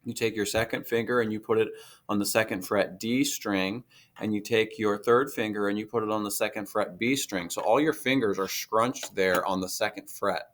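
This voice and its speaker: A man's voice: lowish voice, fairly even intonation, normal speed, fairly bright tone. A man teaching a guitar lesson, patiently explaining finger positions step by step. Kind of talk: recorded music lesson.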